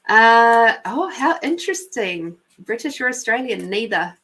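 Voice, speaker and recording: A woman's voice: fairly high pitch, very animated, measured pace, a bit bright, poor audio. A woman from New Zealand with a New Zealand accent, hosting a live stream and giving intuitive card readings in a chatty, affectionate way, speaking to viewers by name.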